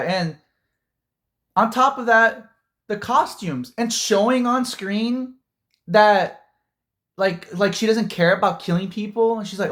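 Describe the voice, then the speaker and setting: Heated rambling man, slightly high voice. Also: fairly bright tone. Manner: heated, rambling, heavy use of "like" and "dude". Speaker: movie reviewer. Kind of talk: casual opinion rant.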